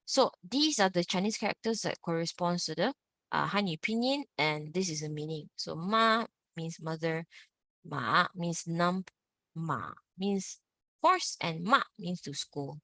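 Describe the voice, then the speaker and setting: A woman leads an online Mandarin lesson and sings each tone in big exaggerated swoops for her students to copy. Her voice sits fairly low, and the recording is dry and close, as over a video call. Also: moderate pace, fairly bright tone, no room sound. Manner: demonstrates tones in exaggerated swoops, repeat-after-me drills. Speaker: Mandarin teacher.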